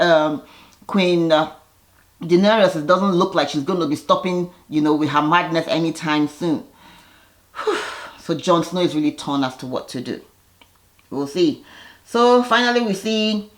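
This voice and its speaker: A woman recaps a TV episode in a relaxed, conversational way. She is animated and chatty, with restarts and fillers. Now and then she briefly mimics the characters' lines. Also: low-pitched. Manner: animated, slips into quick impressions of characters. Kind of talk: casual retelling of a TV episode.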